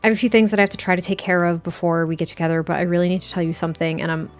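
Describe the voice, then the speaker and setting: A woman's voice: fairly low pitch, level tone, very fast, close to an everyday voice. A woman relaying the words of an anxious young mother in a life-sim story, hesitant and apologetic, close to her own voice. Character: anxious young mother hiding bad news.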